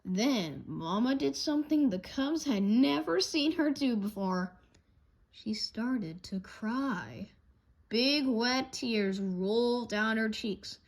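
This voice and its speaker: A woman reading a children's storybook aloud, animated and expressive, with a few small slips. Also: on the high side, takes it slowly, hardly any pauses, poor audio. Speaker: narrator.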